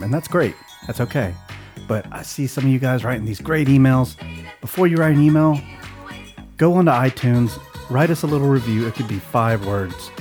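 A man co-hosting a casual podcast, laid-back and quick with quips, laughing often. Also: medium pitch, darkish tone. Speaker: podcast co-host.

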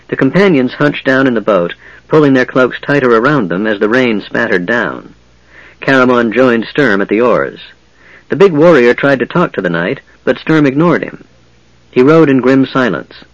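Man reading a fantasy audiobook, steady and measured, muffled dry sound. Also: mid-range voice, dry recording. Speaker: audiobook narrator. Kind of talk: scripted fantasy narration.

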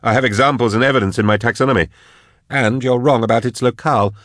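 Brief: man doing a testy aging scholar, pitched up, quick and indignant, audiobook. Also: fairly even intonation, a bit bright, dry recording, studio quality, close to an everyday voice. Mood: assertive. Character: prickly aging male biologist scholar, defensive. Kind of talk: audiobook narration.

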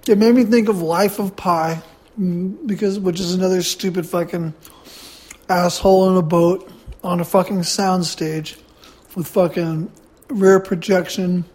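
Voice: medium pitch, fairly even intonation, measured pace, darkish tone. A podcast host rambling through a blunt, profane solo movie review while eating.

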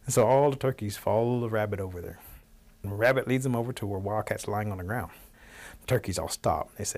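A man telling a folk tale in a relaxed, folksy way, with a gravelly, husky voice that sits low for a man. His narration moves along at an easy, unhurried pace. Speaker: storyteller guest. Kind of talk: storytelling.

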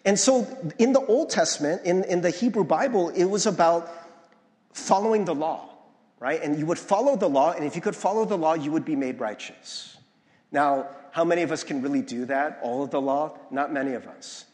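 A male pastor delivers a conversational sermon in a church sanctuary, his slightly high, somewhat mellow voice moving at normal speed. He often checks in with "right?" and acts out the voices of those he quotes. The recording carries a long hall reverb.

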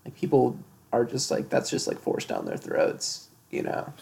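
A man co-hosting a music podcast, talking loosely and filling sentences with "like". His pitch swings widely from phrase to phrase. A gravelly fry sits at the low end of his voice. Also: wildly swooping pitch, moderate pace, darkish tone. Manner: rambling, heavy use of "like". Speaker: podcast co-host. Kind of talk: casual chat about music.

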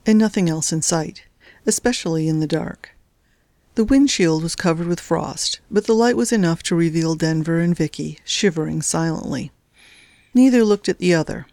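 A woman reading a novel aloud as narrator, in a measured, even storytelling delivery. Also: lowish voice, no echo, studio quality. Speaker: audiobook narrator. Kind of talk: scripted narration.

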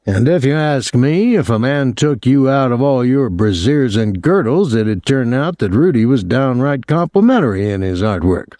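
A male narrator voicing a middle-aged immigrant father who speaks in a calm, conversational, coldly menacing way. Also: mid-range voice, moderate pace, few pauses, no room sound, clean studio sound, voice pushed up, natural voice.

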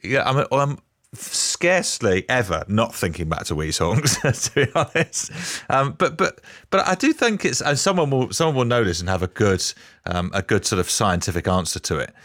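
A man's voice: mid-range voice, expressive, moderate pace, a bit bright, no room sound, clean studio sound. A man co-hosting a breakfast radio show, speaking in a hesitant, self-deprecating way with frequent restarts. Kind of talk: live talk radio banter. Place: radio studio.

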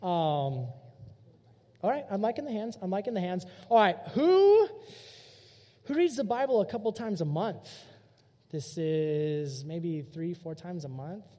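Speaking at a measured pace, a young man gives a youth sermon as a youth pastor, his storytelling casual and lively. The long reverb of a hall surrounds his high, mellow, easygoing voice.

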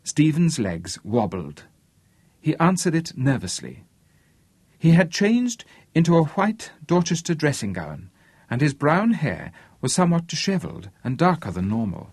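A man narrating an audiobook in a lively, expressive reading. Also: on the high side, a little slow, slightly rough, no echo. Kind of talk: scripted narration.

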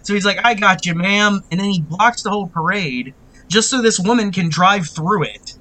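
A woman's voice: mid-range voice, moderate pace. A woman co-hosting a podcast, recapping a film in casual, profane, laughing chat. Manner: profane, laughing, animated retelling. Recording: remote call audio.

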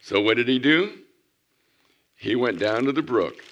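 A man preaching, a pastor telling a lively story to children in church and asking them questions. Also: medium pitch, measured pace, dull audio. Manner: animated storyteller, asks the kids questions.

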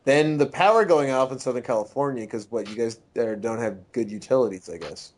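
A man's voice: medium pitch, brisk, a little hiss or hum. A man co-hosting a podcast in casual, teasing chat. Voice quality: teasing, joking. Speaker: podcast co-host. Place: US East Coast.

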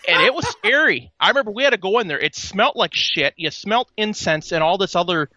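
A man's voice: high-pitched, expressive, fast, sharp tone, slight background noise. A man in his forties co-hosting a podcast, telling stories in a laid-back, profane way. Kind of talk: casual storytelling chat. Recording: dull, dry, lo-fi mic.

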